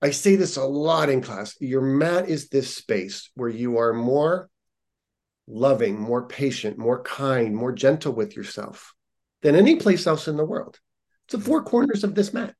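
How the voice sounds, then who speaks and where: A man who teaches yoga talks in a casual podcast conversation, his medium-pitched voice a little mellow and a little slow, with lively intonation. His coaching tone is earnest and encouraging, and he repeats phrases for emphasis.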